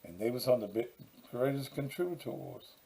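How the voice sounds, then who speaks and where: A man's voice: mid-range voice, animated, moderate pace, gravelly, mellow, poor audio. A man hosting his own talk show as a pastor, bantering dryly and cussing casually. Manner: dry, teasing, profane.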